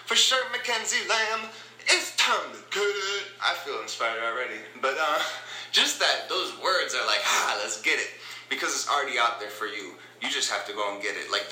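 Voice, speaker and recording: Bright upbeat man, roomy sound. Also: medium pitch. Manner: upbeat, rambling, repeats phrases. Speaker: podcast host. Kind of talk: casual motivational talk.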